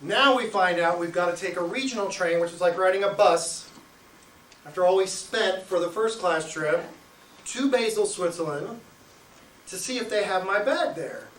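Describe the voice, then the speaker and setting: Stand-up comic, man, high voice, animated live storytelling, heard at a distance in an echoey room. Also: normal speed, a little hiss or hum. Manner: animated, chuckles through his own story. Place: live show venue.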